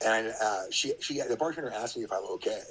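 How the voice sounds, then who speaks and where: A man's voice: lowish voice, fast, a bit bright, breathy edge, rough recording. A middle-aged man, a podcast guest, telling a story in a rambling, casual way, full of fillers and acted-out quotes.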